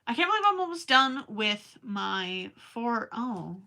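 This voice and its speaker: A young woman with a Minnesotan accent rambles to her viewers while she crochets late at night. Her voice is bright and forward but tired, and her talk is easy and chatty. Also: a little high, very animated, measured pace, creaky. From Minnesota, USA. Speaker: crochet livestreamer. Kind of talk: casual chat while crafting.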